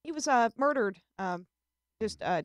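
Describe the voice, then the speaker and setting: A woman's voice: fairly high pitch, lively intonation, a little slow, no echo, studio quality. A woman hosting a casual live-streamed talk show, chatting and telling jokes with a giggly, easygoing manner and frequent restarts. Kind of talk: casual chat.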